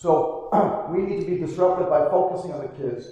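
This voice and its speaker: A man with a fairly high voice teaches a live audience as a chiropractor, asking them questions and repeating key terms for emphasis. He is heard from a distance through a big, echoing hall with a long reverb tail. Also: normal speed, warm tone, dull audio. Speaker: chiropractor giving a talk. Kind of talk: live conference presentation. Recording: echoey hall, mic from far off.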